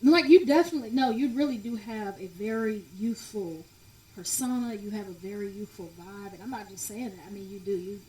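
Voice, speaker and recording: A woman guest in a casual chat, animated and emphatic, often laughing as she talks. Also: medium pitch, a little fast, a little hiss or hum. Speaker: podcast guest. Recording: echoey room, distant mic.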